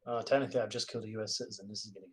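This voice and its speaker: A man's voice: on the low side, fairly even intonation, rapid-fire. A man playing a tabletop game, talking casually in a joking, blunt way. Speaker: player.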